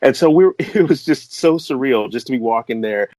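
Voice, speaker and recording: A middle-aged man from the American Midwest, a composer and voice artist telling a story as an interview guest, excitable and laughing often. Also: brisk, no room sound. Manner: excitable, laughs often, jumps to high pitch when excited. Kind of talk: animated storytelling in conversation.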